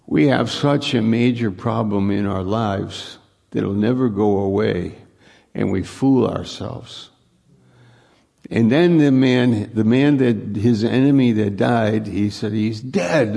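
Slow, gravelly-voiced male preacher. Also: fairly low pitch, dark tone. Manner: conversational preaching with rhetorical questions and repetition. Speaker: pastor. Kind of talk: sermon.

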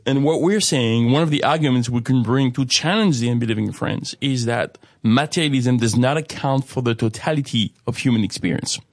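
A man's voice: mid-range voice, brisk, hardly any pauses, no echo, clean studio sound. A man hosting a conversational religious discussion, rambling with many restarts and frequent rhetorical "right?" checks.

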